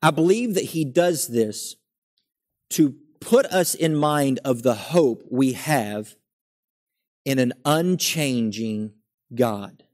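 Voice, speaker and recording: A young adult man preaching a sermon, earnest and emphatic, building up his lines and then dropping to a quiet, settled tone. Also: medium pitch, lively intonation, slow pace.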